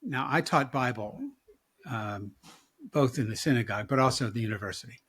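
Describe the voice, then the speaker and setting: A man in his seventies, a rabbi, talks through ideas in a relaxed, reflective way. His voice is somewhat husky, and he chuckles and jokes as he goes. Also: mid-range voice, brisk. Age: 70s. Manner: reflective, wry, chuckles often. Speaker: rabbi and guest. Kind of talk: casual conversation.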